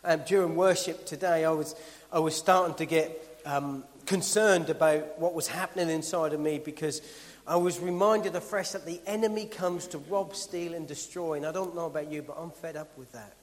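A male preacher delivering a sermon, his voice sitting a little high for a man. He builds with rhythmic, emphatic repetition, then falls back to quiet, chatty asides. His words ring out with a long reverb through the church hall. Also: moderate pace.

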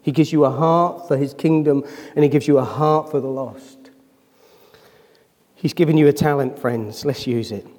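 A man's voice: a little high, normal speed, pauses often, a little mellow, long reverb tail. A man preaching a sermon as pastor. He talks emotionally, nears tears, and keeps asking his congregation questions. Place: church hall.

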